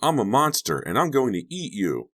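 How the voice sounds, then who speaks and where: Little boy, whiny and excitable, voiced by a man far above his own deep pitch, audiobook. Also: moderate pace. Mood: excited. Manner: whiny, demanding. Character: small excited young boy. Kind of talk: audiobook character voice.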